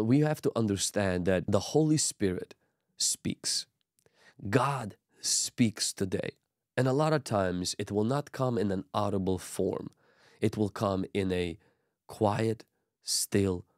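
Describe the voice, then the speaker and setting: A man's voice: on the low side, darkish tone, no room sound. Earnest male preacher, dry close sound. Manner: earnest, emphatic preaching cadence. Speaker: pastor. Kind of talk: sermon-style teaching.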